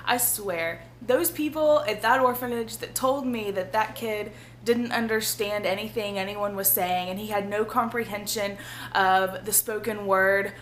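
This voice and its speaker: Hoarse earnest woman vlogging casually. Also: mid-range voice, measured pace, slight background noise. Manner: rambling, earnest, laughs often, drops to a near-whisper at times. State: losing her voice, feeling ill. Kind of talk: casual talking-to-camera vlog.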